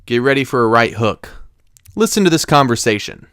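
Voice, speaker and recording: Clear-voiced man teaching a language lesson. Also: mid-range voice, sing-song, fairly bright tone, no room sound, clean studio sound. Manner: slow, deliberate explanations with careful pronunciation. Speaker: Spanish teacher.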